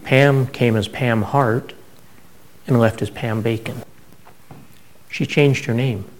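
A man's voice: mid-range voice, fairly even intonation, takes it slowly, low-quality recording. A middle-aged man preaching a sermon, telling stories in a conversational way with frequent restarts. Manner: conversational storytelling with many restarts.

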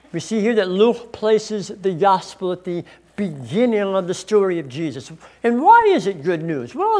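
A middle-aged man preaching a teaching sermon, deliberate and stretching key words for emphasis. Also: high voice. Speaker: pastor.

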